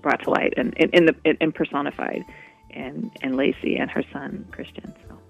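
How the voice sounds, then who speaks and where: A woman's voice: low-pitched, little pitch movement, normal speed, gravelly, faint music behind. A woman guest in a radio interview, talking in a rambling way with many restarts. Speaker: guest, walk co-founder. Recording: dull lo-fi radio audio.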